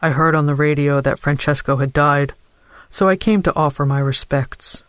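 A man voicing a middle-aged scent dealer, a scheming salesman who keeps a calm, reasonable, persuasive tone. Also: fairly high pitch, moderate pace, clear, resonant tone, dry recording, clean studio sound, close to an everyday voice.

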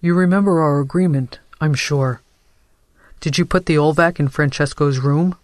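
A man voicing a middle-aged scent dealer, a scheming salesman who keeps a calm, reasonable, persuasive tone. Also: on the high side, normal speed, no room sound, clean studio sound, close to an everyday voice.

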